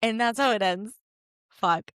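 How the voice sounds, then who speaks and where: A woman's voice: medium pitch, a little slow, a bit bright, dry recording. Young woman co-hosting a book podcast, dry sound. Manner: retells scenes with dramatic read-aloud, swears freely. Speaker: podcast co-host. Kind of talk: casual book chat.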